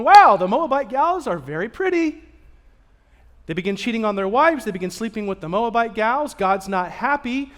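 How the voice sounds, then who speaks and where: A male pastor preaching a sermon, telling stories with animation and swinging from loud bursts to hushed asides. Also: sits high. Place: church sanctuary.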